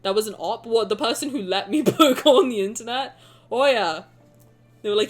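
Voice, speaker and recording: A woman streamer chatting casually with her viewers, animated, joking and making fun of herself. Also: high-pitched, brisk, soft background music. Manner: animated, joking and self-mocking.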